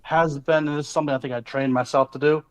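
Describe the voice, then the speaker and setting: A man being coached, talking in a dry, flat way on a casual call. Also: fairly high pitch, fast talker, clean tone. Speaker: coaching client.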